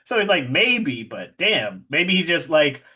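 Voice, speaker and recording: A man's voice: fairly high pitch, unhurried, breathy edge. A young man with a St. Louis accent telling a story on a casual podcast, acting out the people in it and swearing freely. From St. Louis, Missouri. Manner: animated, acts out quoted people, swears freely. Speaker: podcast co-host.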